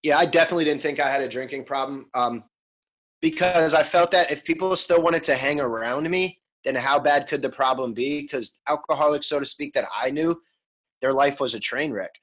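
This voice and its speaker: A man's voice: a little high, fairly quick, a bit bright, low-quality recording. A man in his thirties, an interview guest telling his story frankly and conversationally, with frequent ums and restarts. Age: 30s. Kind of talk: candid storytelling.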